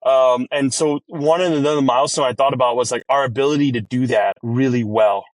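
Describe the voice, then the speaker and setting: A man who owns a restaurant, talking as a podcast guest in an energetic, rambling way and acting out his own quoted lines. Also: mid-range voice, brisk, no room sound. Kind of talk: casual podcast interview.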